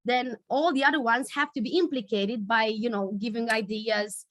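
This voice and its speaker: A woman leading a storytelling workshop over a video call, searching for words with many pauses and fillers. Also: on the high side, fairly bright tone, no room sound, clean studio sound. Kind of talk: online workshop teaching.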